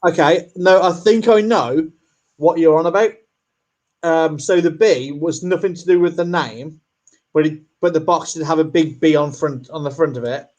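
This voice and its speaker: A man's voice: on the high side, moderate pace, darkish tone. A man co-hosting a casual chat show, reading out viewer comments and laughing at himself. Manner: self-deprecating, reads viewer comments aloud. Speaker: co-host.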